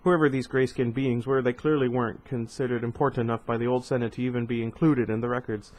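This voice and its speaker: A man voicing an oily, smoothly polite male alien politician who sounds skeptical. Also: medium pitch, steady tone, quick pace, darkish tone, close to an everyday voice.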